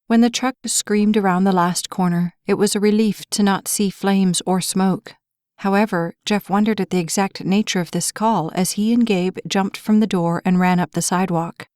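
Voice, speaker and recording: A woman narrating a romance novel as an audiobook, telling the story in an even, clear way. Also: medium pitch, moderate pace, dry recording, studio quality.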